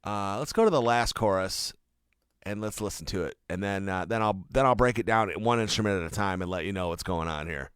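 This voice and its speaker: A man's voice: lowish voice, a little fast, fairly bright tone, clean tone, no echo. A man producing music, giving a casual, chatty walkthrough of a song's mix in his studio. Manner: laid-back, chatty, friendly tour of a mix.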